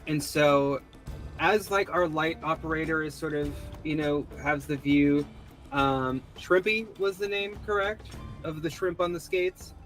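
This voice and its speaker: A man describes his character's actions during a tabletop game. He talks loosely and rambles, with many fillers along the way. His voice sits a bit high, and faint music plays behind him. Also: steady tone, a little slow, fairly bright tone. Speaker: player.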